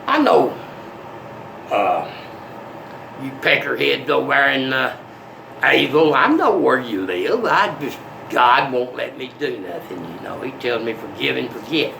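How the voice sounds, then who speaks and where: An older man with a drawl talks in a repetitive, rambling monologue. His voice is gravelly and a touch high, leaping up and down in pitch as he veers between soft talk and menace. A faint hum sits behind him. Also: lively intonation, a little slow, low-quality recording. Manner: volatile, swinging from soft to menacing.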